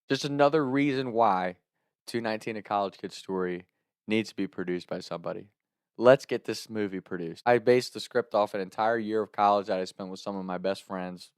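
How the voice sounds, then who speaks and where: A man telling a comic story on his vlog, animated and profane, laughing between lines, and turning earnest when he thanks his viewers. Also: lowish voice, normal speed, clear, resonant tone, no room sound, clean studio sound. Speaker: storyteller and content creator.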